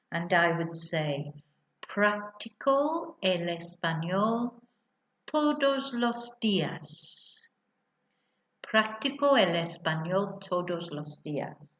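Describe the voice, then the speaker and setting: A woman teaching Spanish, reading out questions and answers slowly and carefully for learners. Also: medium pitch. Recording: echoey room, dull lo-fi sound.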